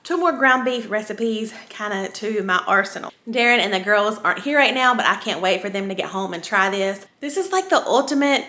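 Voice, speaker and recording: A woman's voice: medium pitch, lively intonation, brisk, hardly any pauses, sharp tone. A woman hosting a home cooking video, chatting casually to viewers and giggling often. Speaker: cooking channel host. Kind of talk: casual cooking demo chat.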